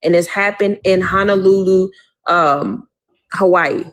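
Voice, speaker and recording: A woman's voice: fairly low pitch, unhurried, rough recording. A woman co-hosting a heated call-in debate, firm in tone, repeating a name to cut in and reading out documents. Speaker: co-host.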